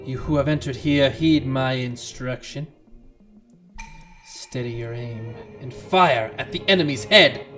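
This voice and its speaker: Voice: medium pitch, fairly bright tone, soft background music, lightly acted. A streamer voicing a solemn Southern-drawled shrine spirit. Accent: put-on Southern US. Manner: slow, formal reading of game dialogue. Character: solemn disembodied shrine voice, ancient and mystical. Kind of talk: reading game dialogue aloud.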